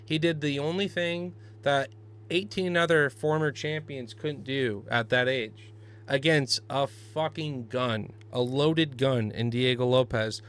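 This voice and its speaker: Excitable man with a smooth voice. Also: medium pitch, unhurried. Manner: excitable, swearing, laughs often. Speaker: podcast co-host. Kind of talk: casual podcast banter.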